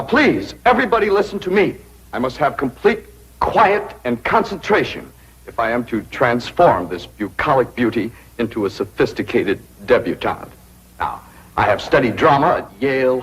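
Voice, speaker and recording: Stuck-up young dandy, big swoopy theatrical delivery, old sitcom. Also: male voice, medium pitch, fairly bright tone, slight background noise, low-quality recording. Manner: theatrical, grandiloquent declaiming. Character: pompous lovestruck young society man. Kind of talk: 1960s sitcom acting.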